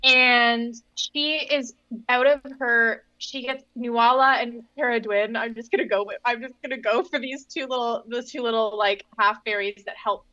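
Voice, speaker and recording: Young woman, bright voice, dull dry mic. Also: a little high, steady tone, moderate pace, dry recording. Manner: rambling, self-correcting, giggly. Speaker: podcast co-host. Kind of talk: casual book recap chat.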